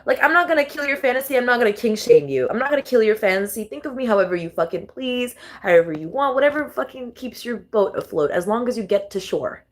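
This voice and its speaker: A woman's voice: sits high, expressive, moderate pace, fairly bright tone. A young adult woman doing a casual tarot reading vlog, talking straight to her viewers, swearing freely and laughing often. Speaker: tarot reader.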